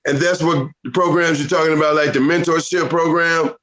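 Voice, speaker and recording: A man co-hosting a casual podcast chat, telling stories in an animated, lecturing way. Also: on the high side, fairly quick, poor audio. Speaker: podcast co-host.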